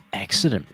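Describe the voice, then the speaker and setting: A man's voice: on the high side, breathy edge. A man hosting a live stream, rambling and laughing in casual chat. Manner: friendly, rambling, laughs often. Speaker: host. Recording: faint noise.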